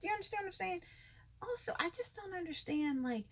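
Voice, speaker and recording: A woman in her fifties giving an indignant, animated commentary to her followers, sometimes dropping to a whisper for asides. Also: very high voice, quick pace. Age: 50s. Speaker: vlogger. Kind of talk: casual commentary monologue.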